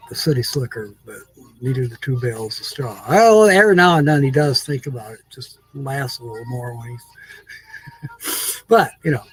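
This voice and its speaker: Husky man telling a rambling joke. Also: medium pitch, no echo, low-quality recording. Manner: rambling, chuckling storyteller. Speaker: channel host.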